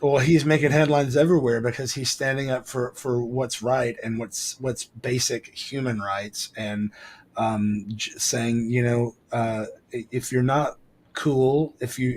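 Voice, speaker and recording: A man's voice: mid-range voice, a little mellow. A man co-hosting a podcast in casual chat over a remote call, rambling with lots of fillers and restarts. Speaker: podcast co-host.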